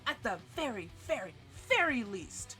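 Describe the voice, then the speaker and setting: A woman streamer telling a story in a casual, animated rant full of swearing, with big jumps in pitch. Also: a little slow. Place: home streaming setup. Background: faint music.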